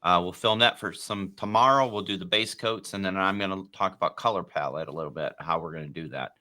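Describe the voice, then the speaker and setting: A man hosting a casual podcast, talking in a rambling, animated way with lots of fillers. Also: low voice, fast talker. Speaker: podcast host.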